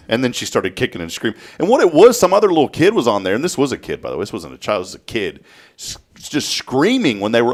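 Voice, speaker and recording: A man, hosting a casual studio talk show and telling a story with lively flair. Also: mid-range voice, fast. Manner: animated storytelling, acts out a child's voice. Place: local TV studio.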